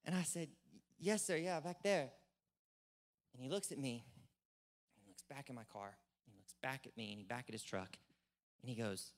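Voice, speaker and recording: A man's voice: mid-range voice, lively intonation, moderate pace, pauses often. A young man preaching a sermon to a church, telling a funny personal story with lots of energy and jokes. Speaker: lay preacher. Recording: reverberant church hall.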